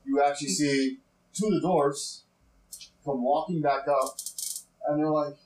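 A man's voice: fairly high pitch, fairly even intonation, a little slow, darkish tone, roomy sound, slight background noise, low-quality recording. A man narrating as game master of a tabletop game, rambling with many fillers.

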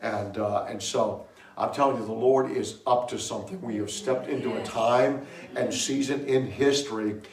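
A man preaching a sermon to a congregation, telling a story with laughter and sudden shouted bursts. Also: mid-range voice, fairly even intonation, normal speed. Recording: echoey room, mic far from speaker.

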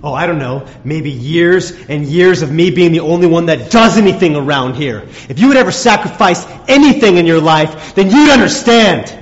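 A man's voice: on the high side, lively intonation, normal speed, few pauses, natural voice. A man playing a bitter, resentful husband. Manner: bitter, sarcastic, rising to angry outbursts. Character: resentful working husband scolding his wife. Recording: dull muffled sound, long reverb, faint room noise.

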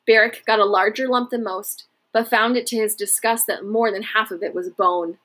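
A woman reading a historical novel aloud at a steady, measured pace. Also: medium pitch. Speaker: narrator.

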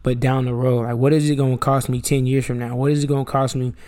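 A man's voice: mid-range voice, flat delivery, fast, darkish tone. A young man hosting a faith-based podcast, teaching through casual personal stories and often checking in with "right?". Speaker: podcast host.

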